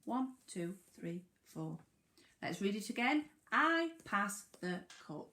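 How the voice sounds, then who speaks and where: Woman teacher for a children's phonics lesson, very slow and lively, bright voice, echoey room. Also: medium pitch. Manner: slow, sing-song, emphatic sounding out of words. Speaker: primary school teacher.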